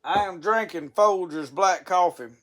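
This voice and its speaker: A man's voice: high-pitched, measured pace, a bit bright. A man, hosting a casual live stream, rambling in a folksy way with stammering restarts and chuckles. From Mississippi.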